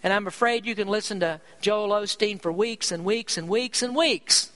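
A man's voice: high-pitched, normal speed, fairly bright tone, rough recording. A man preaching a sermon, emphatic and full of rhetorical questions.

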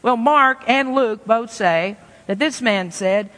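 A man's voice: sits high, expressive, normal speed, bright, forceful tone. A man from Kentucky, preaching a sermon in a folksy, conversational way with homespun asides. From Kentucky, USA. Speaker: pastor. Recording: reverberant church hall.

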